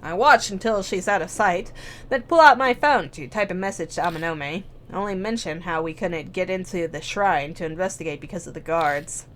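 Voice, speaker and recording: A woman's voice: lowish voice, moderate pace. A young woman hosting a let's play, reading a visual novel aloud with wry, joking asides.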